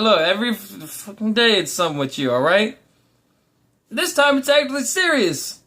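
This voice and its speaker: A young man with a high voice rants casually to the camera. He is blunt and profane, and he keeps restarting his sentences as he rambles. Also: pushed and bright. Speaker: vlogger. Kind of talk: casual ranting monologue.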